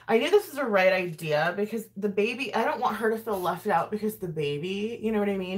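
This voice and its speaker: A woman's voice: medium pitch, big pitch swings, fairly quick. A woman vlogger chatting casually while doing her makeup, talking freely, laughing often and swearing. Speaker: beauty vlogger.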